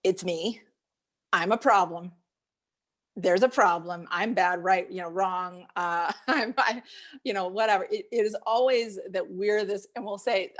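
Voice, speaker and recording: Woman life coach, laughing and animated. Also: medium pitch, measured pace. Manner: laughs often, animated and searching. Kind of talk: group coaching talk.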